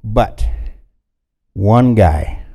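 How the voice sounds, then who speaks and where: A man preaching in a church, folksy and unhurried. His voice sits low with a mellow, dark tone, and he rises into loud bursts before dropping to quiet asides. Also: lively intonation. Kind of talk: sermon.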